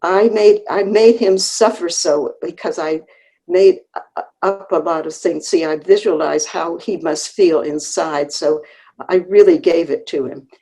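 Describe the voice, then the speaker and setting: Older woman, warm low voice, reminiscing. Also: rough recording. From Connecticut, USA. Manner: unhurried, frequent restarts and pauses, earnest. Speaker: author, interview guest. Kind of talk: reminiscing conversational storytelling. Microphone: video call.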